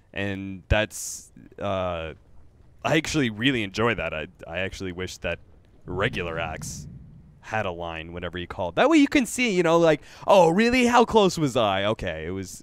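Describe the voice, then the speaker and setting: Animated male esports caster. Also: on the low side, clear, resonant tone, no echo. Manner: rambling, animated, many restarts. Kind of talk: casual caster banter and play-by-play.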